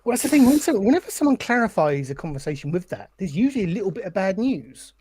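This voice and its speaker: A man's voice: sits high, sing-song, fast talker, a little mellow, a little hiss or hum. A man co-hosting a podcast, reacting and joking in casual banter. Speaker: podcast co-host. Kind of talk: casual chat.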